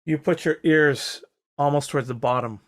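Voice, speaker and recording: A man narrating as game master of a tabletop game, describing the scene in a halting, rambling way. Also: fairly high pitch, a bit bright.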